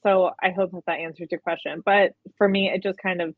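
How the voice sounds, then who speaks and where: Chatty young woman guest, lowish voice, thin phone-line sound, lots of likes and ums. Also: steady tone, brisk, no echo. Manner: chatty, frequent "like" and "um". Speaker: guest, personal brand coach. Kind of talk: casual interview chat. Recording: tinny phone-like audio.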